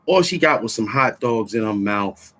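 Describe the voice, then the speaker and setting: A man's voice: lowish voice, animated, normal speed, a bit bright. A middle-aged man hosting his own vlog, ranting about politics in heated street slang and repeating phrases for emphasis. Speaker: vlog host. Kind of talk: casual political rant to camera.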